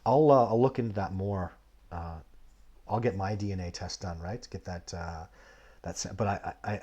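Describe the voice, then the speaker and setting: A man with a husky, fairly low voice hosts a casual livestream and answers viewer questions. He tells long, rambling stories full of restarts. His delivery jumps from excited outbursts to quiet, muttered asides. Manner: rambling, digressive storytelling with many restarts; swings between animated bursts and low, muttered asides. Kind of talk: casual live Q&A chat.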